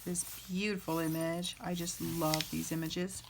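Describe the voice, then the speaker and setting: A woman's voice: on the low side, level tone, unhurried, noisy background. A woman in her thirties hosting a casual craft flip-through, rambling and self-deprecating, with plenty of filler words. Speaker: junk journal crafter and channel host.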